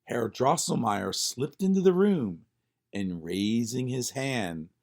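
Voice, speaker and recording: Man reading a bedtime story, slow and lively, soft music under it. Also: mid-range voice. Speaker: narrator. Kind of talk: storybook narration. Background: faint music.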